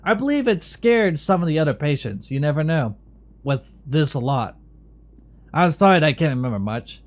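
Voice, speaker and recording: A man's voice: a little high, expressive, moderate pace, close to an everyday voice. A man reading the lines of a weary, long-serving asylum caretaker in a game.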